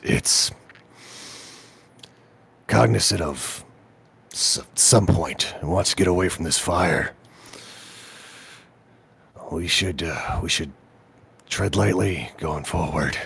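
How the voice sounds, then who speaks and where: A man's voice: very deep voice, creaky, a bit bright, breathy edge. A man playing in a tabletop game, hesitant and thinking aloud with fillers as he talks. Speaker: player. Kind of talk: casual tabletop game chat.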